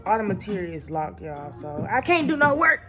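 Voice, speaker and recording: A woman's voice: medium pitch, a little fast, over music. Chatty young woman vlogging. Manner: chatty, addresses viewers as y'all, excitable and ranting. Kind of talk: casual vlog chat.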